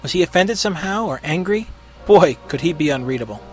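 Expressive male storyteller over soft music. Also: on the high side, brisk. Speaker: narrator. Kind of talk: storybook reading of fan fiction.

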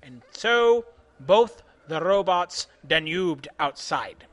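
A man doing a deadpan comic reading in deliberately broken English, in a mock-pompous manner, yelling the quoted lines. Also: fairly high pitch. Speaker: host reading comic stories.

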